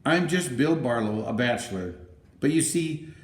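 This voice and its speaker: A man voicing a jolly, very big and strong bachelor who talks in a hearty, booming way. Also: lively intonation, normal speed, lightly acted. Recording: roomy, echoey room.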